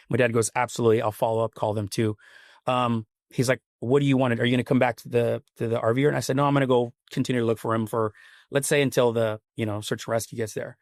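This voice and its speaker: A man's voice: mid-range voice, dry recording, studio quality. A man, a podcast guest, telling a long personal story in a casual, rambling and earnest way. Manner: rambling, earnest, full of "like" and "you know". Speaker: podcast guest, company CEO.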